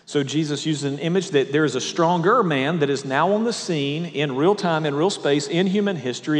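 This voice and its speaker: A man's voice: a little high, in a large hall. A male pastor preaching a sermon, walking through scripture verse by verse with conversational asides to his listeners.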